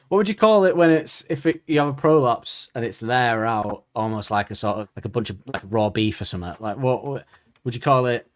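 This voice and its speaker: A man's voice: mid-range voice, normal speed, no room sound, clean studio sound. A man co-hosting a podcast, joking crudely and laughing often in casual chat. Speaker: podcast co-host.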